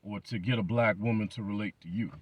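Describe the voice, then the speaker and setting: A man's voice: on the low side, fairly even intonation, fast talker, no echo. A man hosting his channel, delivering a blunt, profane commentary rant full of emphatic repetition. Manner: blunt, emphatic, heavy swearing, repeated words. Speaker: channel host.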